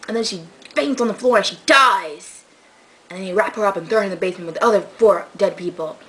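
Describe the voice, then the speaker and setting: A young woman vlogging casually, telling a story in a rambling, excitable way with lots of fillers, swinging between loud outbursts and muttered asides. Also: medium pitch, fast talker, slight background noise, low-quality recording. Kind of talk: casual vlog chat.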